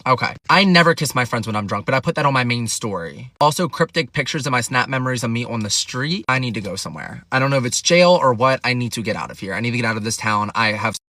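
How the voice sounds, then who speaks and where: A young man telling a casual storytime about a wild night out, animated and swearing freely. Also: fast talker, hardly any pauses, no room sound. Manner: animated, swears freely, jumps in pitch for emphasis.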